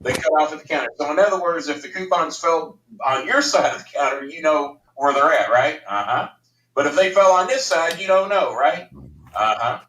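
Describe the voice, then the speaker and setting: A man telling a long comic story in a loud, ranting, profane way, laughing as he goes. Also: on the high side, moderate pace, distant mic. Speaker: storyteller guest. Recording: roomy, from off mic.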